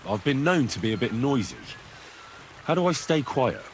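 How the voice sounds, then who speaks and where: A man's voice: mid-range voice, very animated, moderate pace, noisy background, natural voice. A man voicing an earnest young hero. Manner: plain, direct, questioning. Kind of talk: studio video game dialogue.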